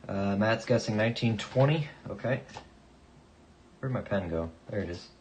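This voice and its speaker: Young male stream host, low-pitched; relaxed, jokey, murmurs dates while sorting. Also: moderate pace, slight background noise, low-quality recording. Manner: mutters coin dates softly, chatty asides to viewers. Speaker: coin collecting livestream host. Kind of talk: casual live chat.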